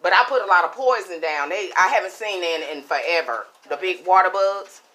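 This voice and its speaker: A woman's voice: fairly low pitch, animated, fairly quick, bright, forceful tone. A middle-aged woman, chatting casually to her viewers at home. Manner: chatty, talks to viewers as y'all. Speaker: vlogger. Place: living room at home.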